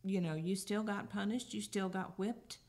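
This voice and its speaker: A woman's voice: medium pitch, normal speed, darkish tone. An older woman, the host's mother, chatting casually and laughing about raising her son. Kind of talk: casual family conversation.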